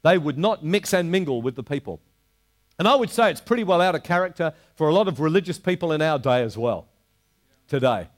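An older man preaching a sermon to a congregation, animated, slowing down to stress quoted verses. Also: fairly high pitch. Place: church hall before a live congregation.

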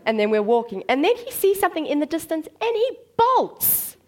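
Woman preacher, sermon, animated storytelling, fairly high voice. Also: normal speed.

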